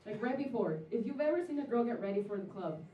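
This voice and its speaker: A woman's voice: a little high, expressive, fast. A young woman performing a stand-up comedy set, chatty and sarcastic, acting out the people in her stories. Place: comedy venue stage. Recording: distant roomy live recording, dull sound.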